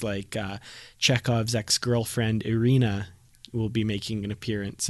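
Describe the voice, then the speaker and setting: Measured male podcast co-host, dry mic. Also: medium pitch, no room sound. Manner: measured, friendly, laughs easily. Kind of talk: casual podcast discussion.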